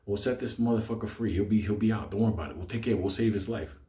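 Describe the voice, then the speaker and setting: A man voicing his older streetwise friend, who talks in a low, laid-back, reassuring drawl. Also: very fast, warm tone, roomy sound, natural voice. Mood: calm reassuring.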